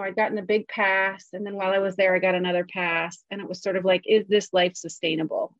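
A woman's voice: on the low side, a bit bright, dry recording. A woman screenwriter talking candidly in conversation, frank and self-deprecating, swearing freely. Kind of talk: candid personal storytelling in conversation. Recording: dull, dry lo-fi recording.

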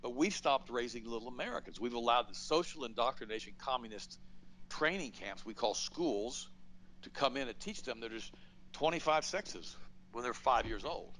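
A middle-aged man hosting a talk show, speaking bluntly and emphatically, pitching up sharply for stress and acting out quotes in his stories. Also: normal speed, slight background noise, poor audio. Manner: emphatic, animated, blunt storytelling with acted-out quotes. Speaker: radio show host. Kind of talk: political commentary, conversational monologue.

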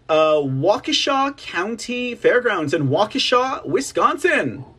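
A man with a fairly high voice hosts a political news show, rambling from point to point. He drops sarcastic asides, repeats his phrases and keeps calling out to his audience as ladies and gentlemen. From United States. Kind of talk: casual political commentary.

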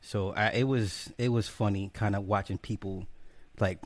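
A man's voice: on the low side, fairly even intonation, normal speed, no room sound. An adult man hosting a casual live stream, joking, swearing freely and greeting viewers by name one after another. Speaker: livestream host. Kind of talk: casual livestream chat.

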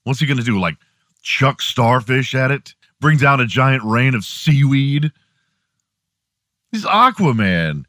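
A man's voice: mid-range voice, big pitch swings, takes it slowly, sharp tone, no room sound, clean studio sound. Profane sarcastic male radio host. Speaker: morning show host. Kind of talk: comedic rant.

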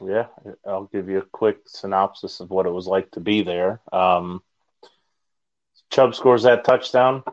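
A man's voice: deep voice, steady tone, unhurried, muffled recording. A man talking in a rambling, hesitant way in a casual sports chat.

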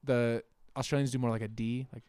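A young man, a musician guest, chatting casually about his plans in a relaxed, rambling way with frequent laughs. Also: mid-range voice, brisk, clear, resonant tone, no echo. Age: young adult. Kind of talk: casual conversation.

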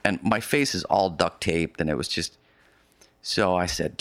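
A man's voice: low-pitched, steady tone, brisk, fairly bright tone, no echo. A man being interviewed, telling a long story in casual conversation. He rambles, restarts his sentences often and adds vivid asides. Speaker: interview guest recounting a polar expedition.

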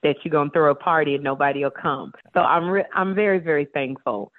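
A woman talk show host, a guest in a casual radio interview, telling stories in a playful, animated way. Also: low-pitched, quick pace. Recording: tinny phone line.

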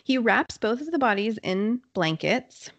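A woman hosting a podcast, telling a true crime story in a casual, chatty way with quick asides and fillers. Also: fairly high pitch, expressive, no room sound. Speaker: podcast host.

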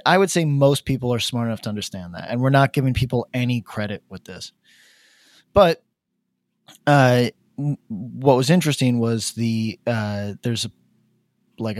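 A man's voice: medium pitch, no room sound. A man on a podcast, casually retelling a story with lots of fillers and acted-out quotes. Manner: rambling, many fillers, acts out quotes. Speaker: podcast co-host. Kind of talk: casual chat, animated storytelling.

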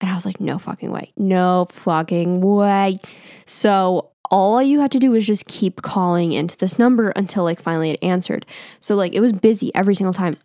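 A woman's voice: medium pitch, darkish tone, dry recording, studio quality. Chatty young woman telling stories. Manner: chatty, filler-heavy, profane, self-mocking. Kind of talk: casual storytelling monologue.

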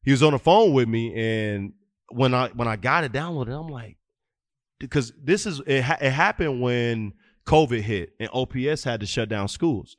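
Man, thirties, podcast guest, animated storyteller, acts out voices, mid-pitched, dry close sound. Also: normal speed, dry recording. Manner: animated, acts out dialogue in his stories, filler-heavy. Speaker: youth football coach and guest. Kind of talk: casual interview storytelling.

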